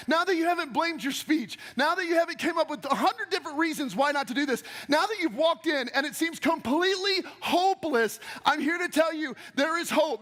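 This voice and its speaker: A male pastor preaches with a strikingly high voice that pushes hard and fast. He keeps turning to the congregation with direct questions. His words ring out with a long reverb through a large church sanctuary. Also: lively intonation, a bit bright. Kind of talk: sermon.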